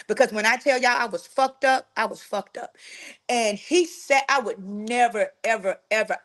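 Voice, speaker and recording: A woman, telling a personal story to her followers in an animated, frank way, full of slang and cursing. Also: on the high side.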